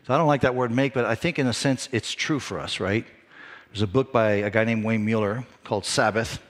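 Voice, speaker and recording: A man preaching a sermon as a pastor, in a lively, conversational way with self-deprecating asides. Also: mid-range voice, a little fast, in a large hall.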